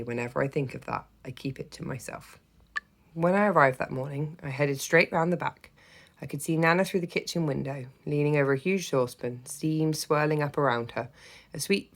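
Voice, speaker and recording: Very deep-voiced woman reading a storybook. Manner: expressive first-person narration, lively and gently humorous. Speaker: teacher reading to a class. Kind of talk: storybook read-aloud.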